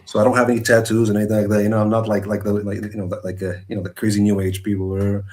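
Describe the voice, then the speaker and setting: Male guest calling in over video, lowish voice, earnest and halting testimony full of restarts. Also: level tone, a little mellow. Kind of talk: personal testimony. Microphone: video call.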